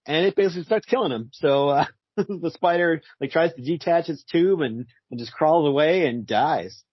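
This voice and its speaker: A man's voice: a little high, moderate pace, husky, no echo, highs cut off. A man co-hosting a casual podcast, joking and laughing often as he recaps a comic. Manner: joking, laughs often, does goofy voices for characters. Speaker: podcast co-host. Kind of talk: casual comic review chat.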